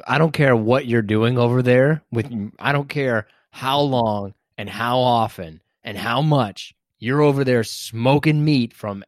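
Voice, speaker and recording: A man's voice: mid-range voice, a little slow, few pauses, dry recording, clean studio sound. A man co-hosting a casual podcast, teasing and incredulous as he jokes. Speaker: podcast co-host.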